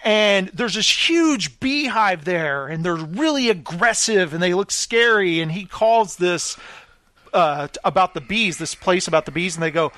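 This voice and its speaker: High bright-voiced guy on a podcast telling a story, really animated, dry close mic. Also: a little slow, no room sound. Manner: animated, acts out quotes in put-on voices. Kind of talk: casual chat, storytelling.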